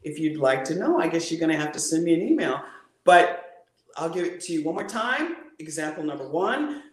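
A woman voice coach on a video call, talking in a playful, animated way and acting out voices. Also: fairly quick, roomy sound. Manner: playful, acts out voices, swings pitch widely. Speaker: voice coach guest.

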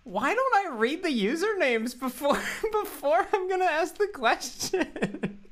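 A man's voice: very high-pitched, sing-song, measured pace, a bit bright. A young man co-hosting a casual comedy podcast, rambling through playful bits and puns. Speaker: podcast co-host.

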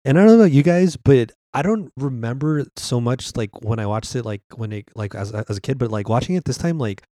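A man's voice: medium pitch, animated, brisk, warm tone, no room sound, studio quality. A man co-hosting a podcast, chatting casually and rambling with many filler words. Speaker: podcast co-host. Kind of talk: casual chat.

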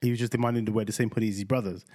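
A man's voice: lowish voice, rapid-fire. A young man, co-hosting a podcast in casual chat, telling stories with lots of laughter and imitated voices. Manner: animated storytelling, mimics voices, laughs often. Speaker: podcast co-host.

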